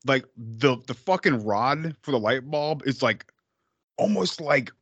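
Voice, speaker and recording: A man co-hosting a podcast, chatting casually about a film, swearing freely and acting out scenes in loud, high voices. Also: lively intonation, measured pace, no room sound, muffled recording. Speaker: podcast co-host. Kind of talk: casual film-review chat.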